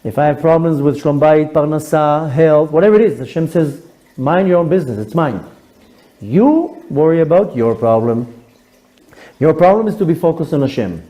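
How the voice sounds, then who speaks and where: A male rabbi giving a sermon, animated and humorous, acting out voices as he talks. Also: on the high side, moderate pace, rough recording. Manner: animated storyteller, acts out quotes with humor.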